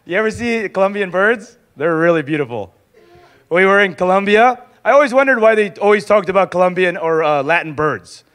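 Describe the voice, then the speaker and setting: A young adult man teaching in a sermon style, lively and acting out little dialogues as he goes. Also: high voice, brisk. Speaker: pastor teaching a discipleship school.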